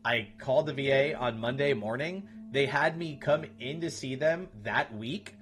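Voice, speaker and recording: A man's voice: mid-range voice, moderate pace, a bit bright. A man in his thirties chatting casually with his stream viewers in a blunt, profane way. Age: 30s. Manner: blunt, profane, talks to chat. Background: music.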